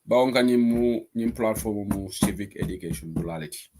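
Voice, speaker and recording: A man's voice: fairly low pitch, a little fast, over music. A man with a Gambian accent hosting an online current affairs show, reading out viewer comments and arguing his points. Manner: animated, reads out viewer comments and argues points. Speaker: host.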